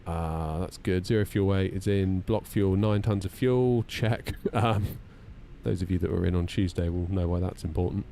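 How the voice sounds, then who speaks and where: This 30-something flight sim streamer has a low, creaky, mellow voice and talks at an ordinary pace, with slight background noise. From his home simulator room, he goes through checklists on a live stream while joking with viewers and making fun of himself.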